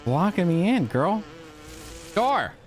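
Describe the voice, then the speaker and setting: A man streaming a horror game live, exasperated and swearing, repeating words in rapid bursts. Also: high-pitched, sing-song. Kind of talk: live gameplay commentary.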